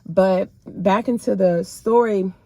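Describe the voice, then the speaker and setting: A woman's voice: medium pitch, takes it slowly, mellow, no room sound. A woman sharing her personal faith testimony in casual, emotional storytelling, speaking straight to her viewers in a colloquial way.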